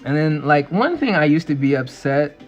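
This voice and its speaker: A man casually chatting and rambling excitably on a livestream while he draws. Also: on the high side, moderate pace, faint music behind. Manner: rambling and excitable, full of fillers. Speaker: artist streaming a drawing session.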